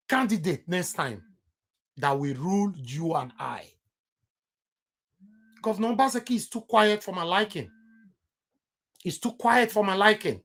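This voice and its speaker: A man's voice: high voice, a bit bright. A man with a Nigerian accent giving heated political commentary on his vlog, emphatic and repeating himself for stress.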